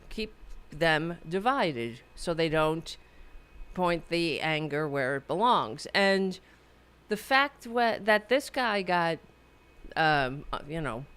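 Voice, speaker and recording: Slow, smooth-voiced woman ranting. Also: fairly low pitch, a bit bright. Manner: rambling with frequent restarts and sarcasm. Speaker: podcast host. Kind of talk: casual political commentary.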